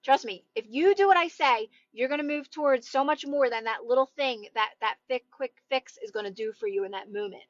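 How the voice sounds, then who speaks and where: A woman coaching viewers in a casual live-stream chat, talking loudly and emphatically in a reassuring way. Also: high voice, a little fast, few pauses, no echo, lo-fi sound. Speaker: manifestation coach. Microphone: phone.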